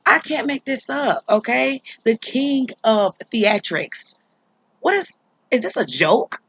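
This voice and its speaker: A woman's voice: fairly high pitch, sing-song, slow pace, slightly rough, no echo, rough recording. A woman hosting her own commentary vlog, talking straight to the viewer in a sassy, mocking way. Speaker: vlog host.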